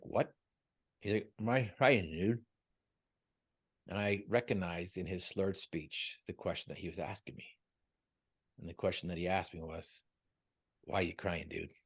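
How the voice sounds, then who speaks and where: A man, a guest on an interview show, telling a personal story in an earnest, emotional way with frequent stumbles and repeated words. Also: low voice. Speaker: guest, motivational speaker. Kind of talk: heartfelt storytelling.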